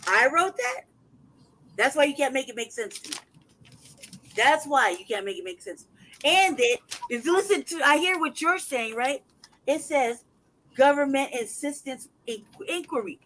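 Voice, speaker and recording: A man's voice: extremely high pitch, animated, normal speed, slight background noise, poor audio. A man venting in an angry, profanity-heavy rant as a podcast host. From United States. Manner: angry, profane, loud outbursts. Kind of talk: heated casual rant.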